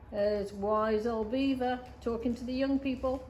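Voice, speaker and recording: A woman with a British accent, a teacher reading a picture book aloud to children with expressive storytelling. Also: on the high side, unhurried, slight background noise.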